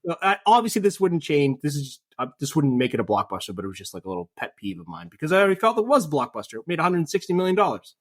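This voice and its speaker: A man's voice: on the high side, very fast, hardly any pauses, no echo. Chatty man on a dry podcast mic. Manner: animated, laughs often, mimics characters' lines. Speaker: podcast co-host. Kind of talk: casual film review chat.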